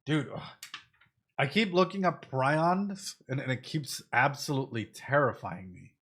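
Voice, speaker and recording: A man giving casual reaction commentary to an animated show on a live stream, talking straight to his chat and often repeating phrases. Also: medium pitch, measured pace, breathy edge. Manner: chatty, repeats phrases, addresses chat directly; thinks in Spanish at times.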